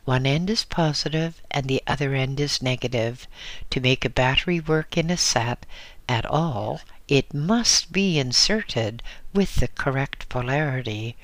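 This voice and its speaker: A man's voice: mid-range voice, unhurried, fairly bright tone, lightly acted. A man voicing a patient garage owner, a mechanic who speaks mildly and politely. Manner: mild, polite.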